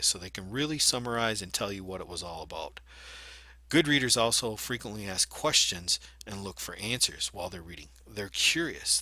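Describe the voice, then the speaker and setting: A man teaches a reading lesson for video, explaining each point and sometimes showing it by reading aloud. His voice sits a little low but rings very bright and forceful. The recording is dry, with no room echo.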